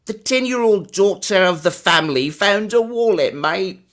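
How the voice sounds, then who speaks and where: A man's voice: high-pitched, expressive, moderate pace, a bit bright, pitched above the performer's own voice. A man putting on an overblown, clumsy Scottish brogue to read out a short anecdote as a storyteller figure. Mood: hammy. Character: mock Scottish male storyteller reading an anecdote.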